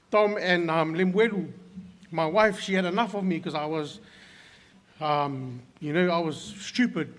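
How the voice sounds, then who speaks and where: A man giving a heartfelt eulogy at a funeral service, telling stories haltingly with many pauses. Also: high voice. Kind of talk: emotional eulogy. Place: church service hall.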